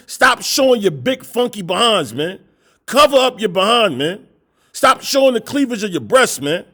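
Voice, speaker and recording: A man's voice: extremely high pitch, a bit bright. A middle-aged man preaching a confrontational sermon, scolding his listeners with repeated rhetorical questions and blunt, profane language. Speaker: street preacher.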